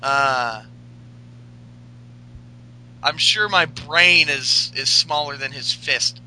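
A man's voice: fairly high pitch, very slow, sharp tone, low-quality recording. A man co-hosting a casual podcast chat, meandering with lots of fillers and crude jokes. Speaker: podcast co-host.

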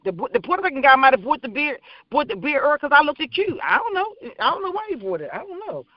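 A woman with a very high voice rambles through her stories with animated energy. She is a small business owner chatting casually on a call-in radio show. The sound is dry and dull, like a lo-fi online stream. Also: fast talker, no echo.

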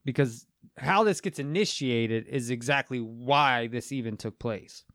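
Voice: medium pitch, measured pace, a bit bright, no room sound, studio quality. A podcast co-host in casual chat, insistent, cutting in to correct and explain.

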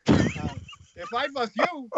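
A man's voice: very high-pitched, huge pitch swings, slow pace, muffled recording, very noisy, pitched above the performer's own voice, heavily acted. A man voicing a blunt, fatherly older male psychoanalyst with a Jewish accent who gives crude advice. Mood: advising.

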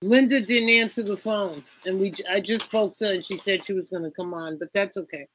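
A host of a prayer call, briskly prompting callers to testify or read. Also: medium pitch, fairly bright tone, slight background noise. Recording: muffled dry phone-call line.

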